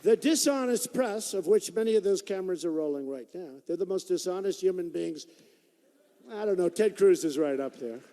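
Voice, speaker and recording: Speaking at a moderate, normal pace, a man in his sixties gives an animated rally speech as a political candidate. His fairly high, mellow voice moves through wide pitch swings, and his repetitive, boastful, conversational remarks carry long reverb through the large performing arts hall.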